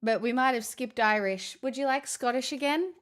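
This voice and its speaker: A woman's voice: high-pitched, moderate pace. A woman streamer chatting casually with her viewers, flustered and giggly, thanking them in stop-start bursts. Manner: flustered, giggly, grateful, talks in stops and restarts. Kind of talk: casual live-stream chat.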